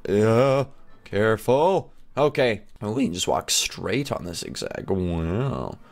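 A young man hosting a gaming video, chatting excitedly to his viewers as he plays. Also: fairly low pitch, slow pace, faint music behind. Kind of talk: game commentary.

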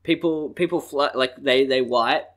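A man with a bright, forward tone riffing on a comedy podcast. He rambles with energy and restarts his phrases as he goes. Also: medium pitch, measured pace. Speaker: podcast co-host. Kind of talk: casual comedic chat.

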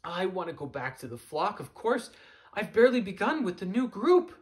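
A man reading aloud and voicing an eager young male seagull who blurts out excited questions. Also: normal speed. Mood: earnest. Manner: high, excited outbursts and questions.

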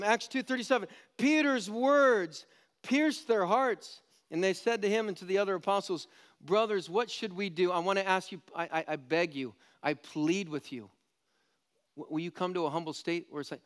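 A man preaching a sermon as pastor, animated and jokey, climbing to loud pleading peaks. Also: sits high, moderate pace.

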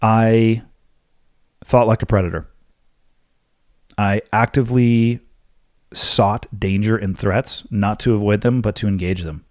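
Low-voiced guy hosting a podcast, blunt and preachy, dry close sound. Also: steady tone, a little slow, long pauses, dry recording. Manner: blunt, forceful, lecturing. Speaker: podcast host. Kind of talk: solo podcast Q&A.

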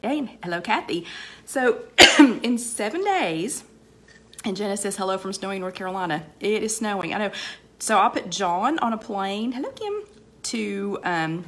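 A woman hosting a casual live-stream chat, her voice a little hoarse from a cold. She rambles in a friendly, unpolished way, breaking off mid-sentence to greet viewers by name, and leans on fillers and repeated phrases. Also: medium pitch, a bit bright. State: slightly hoarse with a cold, coughing.

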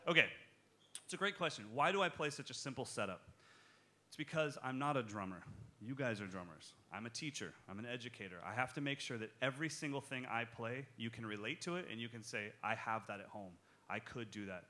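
Bright-voiced drum teacher, joking. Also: male voice, mid-range voice, brisk. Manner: animated, joking, talks straight to the audience. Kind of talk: live drum clinic talk with Q&A. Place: music shop clinic in front of an audience.

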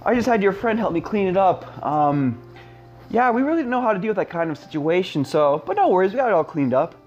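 A man's voice: high-pitched, big pitch swings, fairly quick, darkish tone, faint music behind, voice pushed up. An easygoing young woman, as a man puts her on in a storytelling video, breezy and reassuring. The voice lifts well above his own and moves all over, on a slightly dull lo-fi recording.

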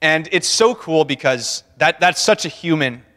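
A man giving a relaxed, conversational sermon in a church, chuckling as he speaks and acting out what people said. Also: a little high, a little slow. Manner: conversational, laughing, acts out quotes. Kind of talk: casual sermon talk. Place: church sanctuary. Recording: long church-hall reverb.

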